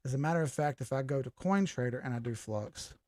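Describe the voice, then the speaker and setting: Going over charts in casual talk, a man hosting a crypto live stream answers his viewers directly in a blunt, combative manner. His medium-pitched, darkish voice has lively intonation and a quick pace, captured in a dry, studio-quality recording.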